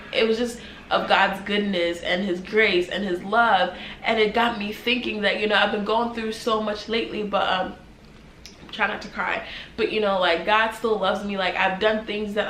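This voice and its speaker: A woman's voice: mid-range voice, a bit bright. A young woman speaks straight to her camera, sharing a personal faith testimony in an earnest, emotional way. Her talk is unscripted and rambling, full of fillers. The sound bounces around a reverberant room, with a faint hum of background noise.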